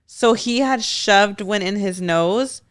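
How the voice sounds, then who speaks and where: A woman's voice: medium pitch, takes it slowly, dry recording, studio quality. A young woman co-hosting a podcast, reacting casually with swearing and laughter. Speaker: podcast co-host. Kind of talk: casual chat.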